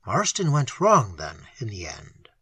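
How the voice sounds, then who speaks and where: A tactful young tutor, voiced by an audiobook reader, probes with measured, inquiring questions. The voice is hoarse and husky with a bright edge. It is recorded close and dry. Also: medium pitch, wildly swooping pitch, dry recording, full character voice.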